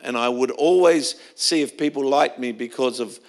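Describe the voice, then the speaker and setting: A man's voice: mid-range voice, moderate pace. A middle-aged man preaching a sermon in a church, telling stories in a conversational way with frequent restarts. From Australia. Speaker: pastor.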